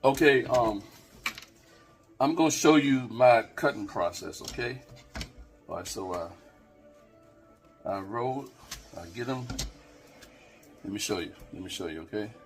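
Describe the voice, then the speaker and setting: Brief: unhurried male home cook, rambling chatty kitchen demo to a tripod camera. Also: lowish voice, faint music behind. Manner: rambling, talks straight to viewers, lots of okays. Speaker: home cook filming a cooking video. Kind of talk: casual cooking demonstration to camera.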